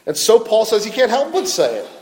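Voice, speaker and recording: A man's voice: sits high, wildly swooping pitch, a little fast, a little mellow, long reverb tail. A male pastor preaching a sermon emphatically, often repeating his questions and building to fervor.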